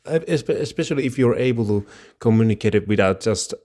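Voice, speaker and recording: Podcast co-host, male, lowish voice, rambling conversational delivery with restarts. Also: expressive, quick pace, mellow. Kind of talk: casual chat.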